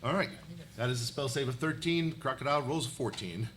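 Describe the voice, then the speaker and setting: A man's voice: mid-range voice, brisk, a bit bright, slight background noise. A man narrating a live tabletop game as game master, often laughing and stumbling over his words as he narrates.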